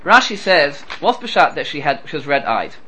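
With a fairly high, sharp, sing-song voice, a man teaches a scripture class at a moderate pace. He is a Torah teacher who asks rhetorical questions and quotes Hebrew verses before translating them. The recording is low quality.

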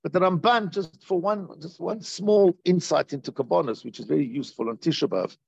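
A man teaching a Torah class as a rabbi, animated and repeating phrases for emphasis. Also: fairly high pitch, a little fast, creaky, slightly rough, dry recording, highs cut off. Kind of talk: Torah class on Tisha B'Av.

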